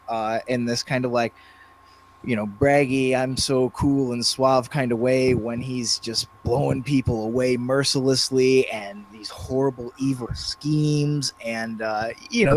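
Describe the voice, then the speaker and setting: A man's voice: medium pitch, slight background noise. A man co-hosting a podcast and chatting casually about running tabletop games, hesitant and full of restarts. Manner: hesitant, many fillers and restarts. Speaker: podcast co-host and game master. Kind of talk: casual chat.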